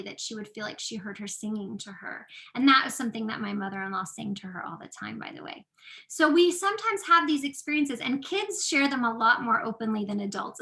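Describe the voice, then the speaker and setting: A woman's voice: on the high side, bright, forceful tone. A woman presenting an online workshop, speaking earnestly and conversationally with frequent fillers into a computer microphone.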